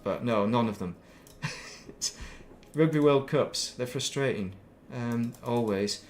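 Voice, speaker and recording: A middle-aged game streamer from northern England, with a softened accent and an everyday mid-range voice, chats casually while playing. He takes it slowly, rambles from thought to thought, thinks aloud, and laughs at himself, with slight background noise.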